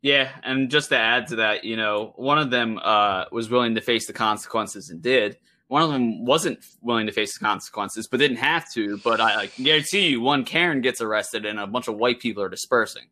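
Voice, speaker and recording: A young man with a bright, forceful voice, co-hosting a casual podcast. He tells his story loosely and with animation, drops swear words, and acts out the lines of the people he met. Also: medium pitch, a little fast, hardly any pauses. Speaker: podcast co-host.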